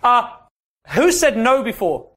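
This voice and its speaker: High-voiced man coaching a class. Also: sing-song, slow pace, a bit bright. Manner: direct, asks the room questions, ends points with "yeah?". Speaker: dating coach. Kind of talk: workshop talk to a class.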